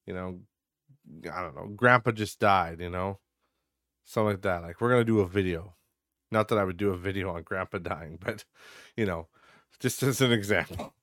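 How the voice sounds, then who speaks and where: A man's voice: deep voice, a bit bright, dry recording. A young adult man hosting a casual solo podcast, ranting with frequent swearing and lots of filler words into a close mic. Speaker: podcast host.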